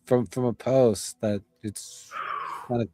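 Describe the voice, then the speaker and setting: A man's voice: mid-range voice, steady tone, takes it slowly, mellow, no echo, soft background music. A man in casual chat, easygoing, often stumbling and restarting his words.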